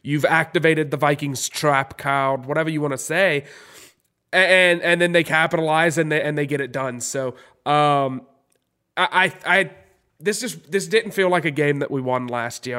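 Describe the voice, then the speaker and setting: A man co-hosting a sports podcast, stuffy with a cold, rambling excitedly with many restarts. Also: fairly high pitch, moderate pace, clean tone. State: congested from a cold. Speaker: podcast co-host. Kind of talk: casual sports chat.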